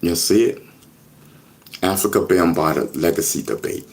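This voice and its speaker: A man's voice: deep voice, moderate pace, a little mellow, low-quality recording. A man hosting hip hop news on a live stream, rambling, stumbling over repeated words and talking straight to his chat. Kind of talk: casual live-stream commentary.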